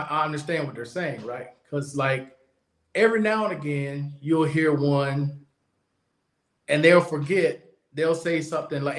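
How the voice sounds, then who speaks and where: Guy hosting his podcast, ranting bluntly, kinda high voice, roomy echo. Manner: blunt, opinionated, repeats points for emphasis. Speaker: podcast host. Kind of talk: casual monologue. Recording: echoey room.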